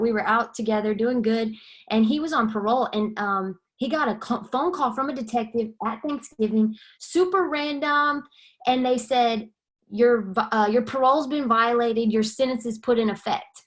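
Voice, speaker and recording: A young woman, giving a candid personal testimony and acting out quoted dialogue as she tells it. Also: on the high side. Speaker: guest sharing her testimony.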